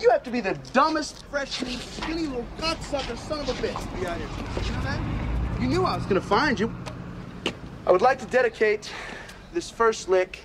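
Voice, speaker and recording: An actor playing a foul-mouthed, bullying male high school senior who taunts and explodes with profanity, heard as a film clip. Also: heavy background noise. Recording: film clip with loud music behind.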